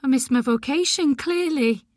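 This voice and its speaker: A woman voicing a calm, capable carer who speaks easily with a smile. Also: high voice, moderate pace, no echo, studio quality, pitched above the performer's own voice, close to an everyday voice. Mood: breezy. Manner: easy, smiling.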